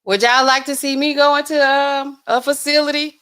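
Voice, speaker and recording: A woman's voice: high voice, steady tone, moderate pace, fairly bright tone. Woman host, a pharmacist, chatting loosely through her commentary. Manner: chatty, talks straight to viewers. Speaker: pharmacist host reacting to news. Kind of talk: casual commentary over a news clip.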